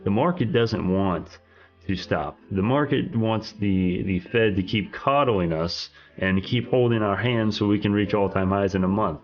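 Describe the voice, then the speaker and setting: Young man, low voice, groggy morning voice, casual live-stream market chat, rambling. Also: unhurried, muffled recording. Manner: rambling, chatty, laughs at himself.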